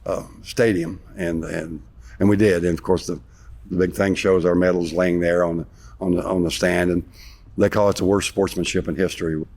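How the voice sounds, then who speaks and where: Low-voiced man, interview guest, rambling animated storyteller. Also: moderate pace. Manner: rambling, animated retelling with sarcasm. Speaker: interview guest, former basketball player.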